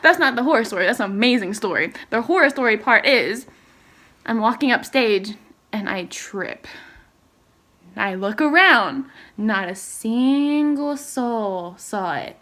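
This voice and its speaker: Brief: young woman vlogger, fairly high voice, chatty and rambling, swings her pitch up and down as she tells a story. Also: measured pace. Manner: animated, rambling, lots of "like" fillers and sudden pitch jumps. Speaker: K-pop fan vlogger. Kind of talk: casual storytelling vlog.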